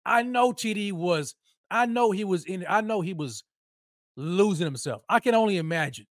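A man's voice: sits high, expressive, moderate pace, no room sound, clean studio sound. A man hosting a solo sports podcast, mocking and heated, hammering points by repeating himself. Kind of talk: solo sports commentary rant.

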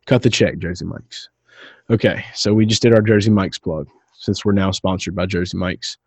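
A man co-hosting a casual podcast, talking in an excitable, rambling way and swearing freely. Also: low voice, brisk, dry recording. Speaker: podcast co-host.

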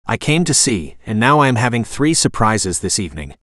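Audiobook villain: man voicing a soft-spoken, oddly worded, confident stranger, pitched lower and quieter than the narrator. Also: fairly quick, dry recording, studio quality. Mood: calm menacing. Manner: formal, oddly worded, calmly menacing. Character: confident eerie man with odd broken phrasing.

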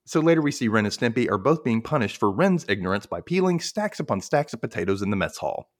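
A man hosting a podcast in a casual chat, recapping a cartoon episode as an animated storyteller who laughs often. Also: mid-range voice, fast. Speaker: podcast host.

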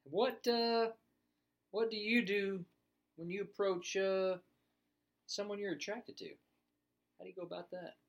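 A man's voice: high voice, fairly even intonation, unhurried, pauses often, muffled recording. A man co-hosting a comedic podcast, asking questions and slipping in song lyrics as answers.

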